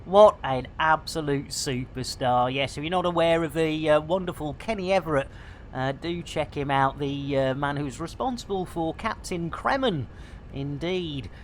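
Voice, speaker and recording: A woman streaming live, chatting casually in a bubbly, jokey way, with bursts of shouting and laughter. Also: low voice, normal speed, slight background noise.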